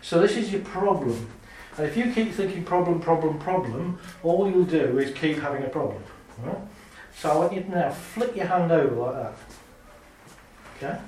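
Male speaker on stage, lively storyteller with a slightly high voice, heard from off mic in a big echoing hall. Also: moderate pace, distant mic, a little hiss or hum. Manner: lively, chatty, laughs often, acts out little scenes. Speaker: speaker giving a talk. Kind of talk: live talk to an audience. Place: large hall with an audience.

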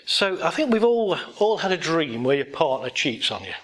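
A man's voice: on the high side, big pitch swings, moderate pace, a bit bright. Blunt, rambling man speaking. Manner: blunt, rambling anecdotes with self-deprecating laughs. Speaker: speaker giving a talk. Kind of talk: motivational talk to an audience.

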